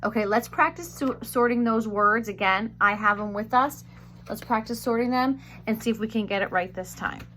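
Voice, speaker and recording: A woman with a fairly high voice teaches a phonics lesson. She sounds out each word slowly and carefully, stretching the vowel sounds. She is picked up by a webcam mic. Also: fairly bright tone, slight background noise. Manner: slow, careful sounding out of words.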